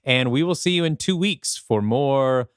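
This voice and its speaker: Young dude cohost, clean smooth voice, dry, jokey and relaxed. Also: male voice, mid-range voice, measured pace, dry recording. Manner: laughs easily, loose and joking. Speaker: podcast co-host. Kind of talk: casual podcast chat.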